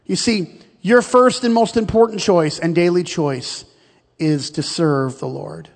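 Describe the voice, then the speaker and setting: A man's voice: sits high, measured pace, vocal fry, in a large hall. A middle-aged male pastor preaching a sermon, telling stories and joking, calling out to the congregation. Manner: storytelling, joking, calls out to the congregation. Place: church sanctuary.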